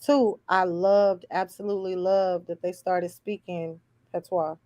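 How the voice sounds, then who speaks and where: A woman's voice: fairly low pitch, steady tone, unhurried, warm tone, no room sound, lo-fi sound. A woman co-hosting a casual recap chat, blunt and sassy, full of slang. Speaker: podcast co-host.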